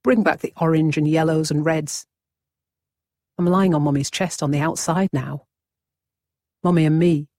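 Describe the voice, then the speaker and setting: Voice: medium pitch, steady tone, moderate pace, pauses often, a little mellow, dry recording, clean studio sound. A narrator, reading a vivid, wry first-person story as scripted narration.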